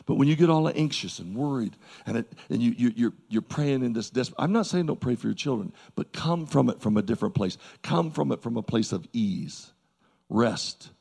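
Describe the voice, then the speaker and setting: A man preaching a sermon to a congregation in a church service, folksy and animated, with emphatic repeats and asides to the crowd. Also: medium pitch, creaky, husky.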